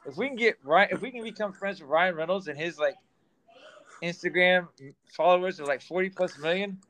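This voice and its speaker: A man's voice: sits high, a little fast, a bit bright. A man co-hosting a podcast in a loose, chatty way, laughing often. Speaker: podcast co-host. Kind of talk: casual chat.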